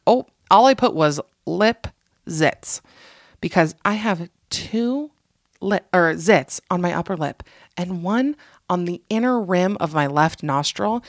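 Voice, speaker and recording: A woman's voice: fairly low pitch, no room sound. Sarcastic woman podcaster, dry close sound. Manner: sarcastic, animated storyteller. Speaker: podcast host. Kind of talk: casual solo podcast monologue.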